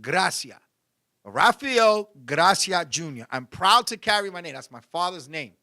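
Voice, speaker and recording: High, bright, animated comedy host man. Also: measured pace. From Puerto Rican family. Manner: animated, profane, laughs at his own jokes. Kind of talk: comedic rant with banter.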